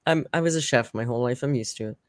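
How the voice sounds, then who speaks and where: A woman's voice: a bass voice, very fast, dry recording. Middle-aged woman hosting a live stream, rambling and emotional, dry close sound. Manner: rambling, emotional, laughing often. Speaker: streamer host. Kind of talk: casual live-stream chat.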